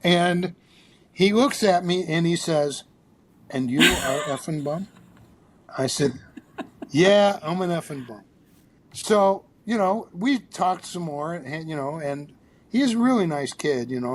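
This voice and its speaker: A psychologist and author, a man, telling an animated anecdote as a podcast guest, with frequent restarts. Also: fairly high pitch. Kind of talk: storytelling in a podcast interview.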